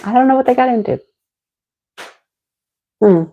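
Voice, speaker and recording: Slow-talking, chatty woman livestreaming. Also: medium pitch, expressive, mellow, poor audio. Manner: chatty, talks to her dogs and reads out viewer names. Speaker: livestream host. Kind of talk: casual livestream chat.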